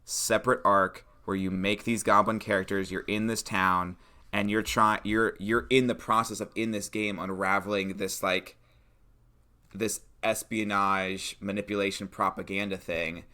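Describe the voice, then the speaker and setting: A man co-hosting a casual chat about tabletop game prep, excitable and brainstorming. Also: fairly low pitch, unhurried. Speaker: podcast co-host.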